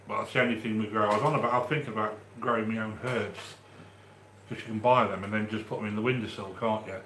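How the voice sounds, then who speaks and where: A man from the English Midlands with a Midlands accent, hosting a live stream and chatting warmly with viewers as he reads their comments, with frequent restarts. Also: fairly low pitch, steady tone, quick pace, reverberant, a little hiss or hum. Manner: chatty and affectionate, with many restarts. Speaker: livestream host reading chat. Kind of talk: casual live-stream chat.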